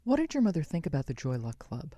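An interviewer asking measured, admiring questions about a writer's work. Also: mid-range voice, huge pitch swings, mellow, no echo.

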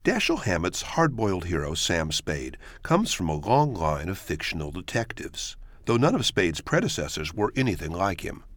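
Very deep-voiced radio host. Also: male voice, sing-song, moderate pace, hardly any pauses. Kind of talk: scripted radio narration.

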